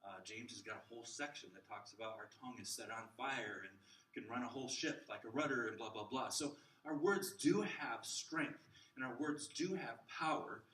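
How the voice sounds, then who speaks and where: A middle-aged man teaching a workshop on talking with children, lively and joking, acting out examples in different voices. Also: medium pitch, normal speed, a little hiss or hum. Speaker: children's ministry trainer. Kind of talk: teaching a workshop to a live group. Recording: roomy hall sound from a distant mic.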